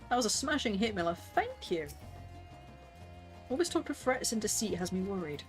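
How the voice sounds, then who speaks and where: A woman's voice: mid-range voice, sing-song, normal speed, long pauses, soft background music. A woman streaming a game, chatting playfully with viewers and reading character lines aloud with lots of laughter.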